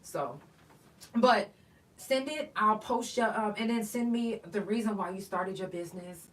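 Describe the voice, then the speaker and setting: Woman, podcast host, animated, swears, a bit distant from the mic. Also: medium pitch, measured pace. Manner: animated storytelling, swearing, acting out texts. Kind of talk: casual solo chat.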